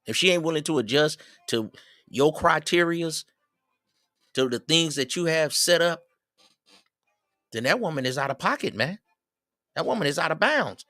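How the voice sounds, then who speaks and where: A middle-aged man giving casual advice in a slangy, preachy, joking way, with loud swings. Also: a little high, lively intonation, normal speed, pauses often, no room sound, soft background music. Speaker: show host.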